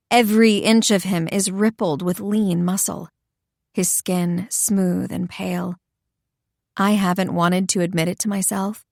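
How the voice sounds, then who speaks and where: A woman narrating a first-person romance audiobook in an expressive, intimate storytelling voice. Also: mid-range voice, no echo, studio quality.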